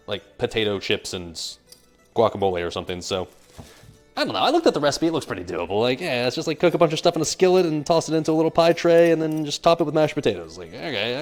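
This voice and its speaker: Brief: young American male streamer, cooking live, rambling jokey chat, low voice that swings widely, faint music underneath. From United States. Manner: rambling, joking, reads chat aloud.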